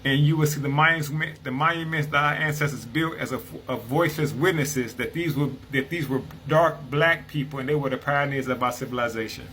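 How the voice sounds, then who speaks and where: Casual guy explaining stuff from a book, keeps saying "right?", bright voice. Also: mid-range voice, brisk, few pauses, slight background noise, rough recording. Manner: conversational, many fillers and "right?" checks. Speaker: commentator reading from a book. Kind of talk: casual explanatory talk with read-aloud quotes.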